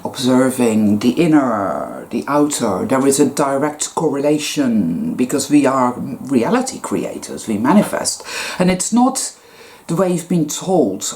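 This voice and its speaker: Low, dark-toned woman, blunt and profane, ranting emphatically about spirituality. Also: sing-song, a little slow. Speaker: spiritual vlogger.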